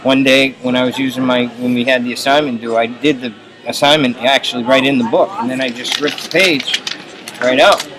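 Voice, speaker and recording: Man telling offhand anecdotes, rambling with lots of fillers, voice in the middle range, clear crowd noise behind. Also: mid-range voice, fairly even intonation, brisk, poor audio. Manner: rambling, full of "you know" fillers. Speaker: storyteller. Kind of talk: casual anecdotes.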